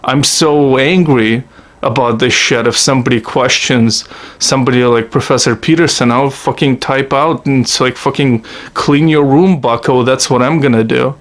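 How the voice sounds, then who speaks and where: A man's voice: medium pitch, fairly even intonation, normal speed. A man hosting a comedy video, delivering a satirical monologue as a profane, sarcastic, mock-earnest rant.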